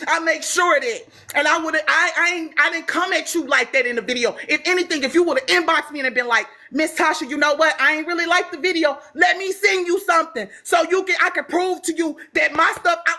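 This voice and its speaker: A woman on a livestream pours out an emotional defense, crying as she talks. Her voice sits high and sounds bright and sharp. She keeps pressing her point with insistent force. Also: a little fast, few pauses. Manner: impassioned, tearful, insistent. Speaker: livestream host.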